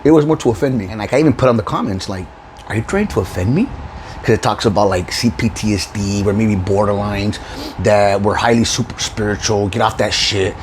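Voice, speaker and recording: A man's voice: on the low side, fairly quick, slight background noise, poor audio. A man hosting his own video channel, delivering a profane, confrontational rant with frequent laughs. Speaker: YouTube channel host. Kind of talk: ranting vlog monologue.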